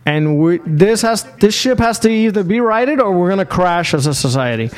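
A man's voice: high-pitched, expressive, normal speed. A man telling long, crude anecdotes in casual podcast chat, blunt and profane, rambling from one aside to the next.

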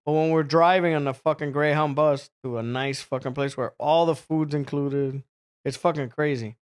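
A man's voice: on the high side, fairly even intonation, normal speed, smooth. A man telling rambling, crude stories in casual chat, laughing often. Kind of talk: casual profane storytelling.

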